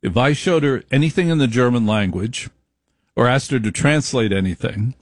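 A middle-aged man telling a story in a monologue, emphatic and repetitive, slowing down to stress his points. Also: medium pitch, animated, no echo, studio quality.

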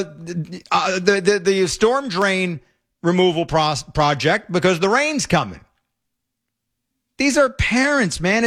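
A middle-aged man hosting an opinionated talk show, animated and exasperated, often stumbling and repeating words. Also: high voice. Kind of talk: opinionated talk radio commentary.

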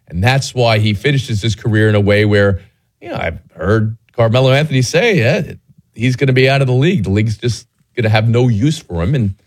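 A man hosts a sports talk show in a loose, playful way. He jokes with his crew and his voice sits in a middle register. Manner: playful, tongue-twister teasing, lively swings in pitch. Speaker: sports radio host.

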